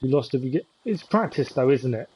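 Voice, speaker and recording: A man's voice: mid-range voice, expressive, a little fast, mellow, husky, rough recording. A man chatting with viewers as he thinks aloud during a live-stream gameplay commentary.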